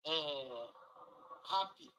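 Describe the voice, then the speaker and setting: A man with a Nigerian accent speaking in a voice note, halting and rambling, mixing English with Yoruba. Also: on the high side, animated, sharp tone, no echo, low-quality recording. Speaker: voice note sender.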